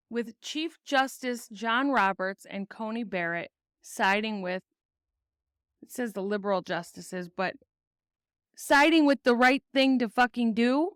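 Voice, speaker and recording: A woman's voice: fairly high pitch, fairly bright tone, clear, resonant tone, dry recording, clean studio sound. A woman from the United States hosting a podcast, giving angry political commentary full of swearing and reading news excerpts aloud. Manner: profane, ranting, reads news aloud. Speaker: podcast host.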